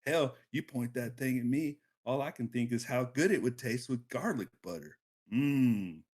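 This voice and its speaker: A man putting on a gravelly, drawling voice for a sly roguish drifter. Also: mid-range voice, expressive, moderate pace, a little mellow, lightly acted. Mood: wry.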